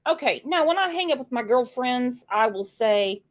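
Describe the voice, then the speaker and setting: A woman's voice: on the high side, expressive, moderate pace. A woman hosting a true crime commentary, talking casually with sarcastic, mocking asides.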